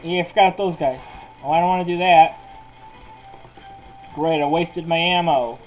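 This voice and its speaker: A man's voice: on the high side, moderate pace, muffled recording, soft background music. A man giving casual game commentary while he plays, cursing constantly. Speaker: gameplay commentator.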